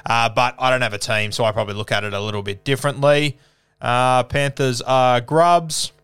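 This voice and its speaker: A young Australian man with a smooth, clear voice, answering questions in a relaxed live chat. His speech is easygoing and friendly, and he calls everyone mate. He sits at a middle pitch for a man. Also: normal speed. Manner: laid-back, chatty, calls everyone mate. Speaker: podcast host. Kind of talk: casual live-stream Q&A.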